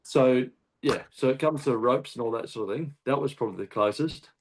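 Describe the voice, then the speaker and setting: A man with an Australian accent, a hunting guest telling a story in casual chat, animated and swearing often. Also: medium pitch, brisk. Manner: animated, swears often, acts out shouted quotes. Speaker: guest hunter.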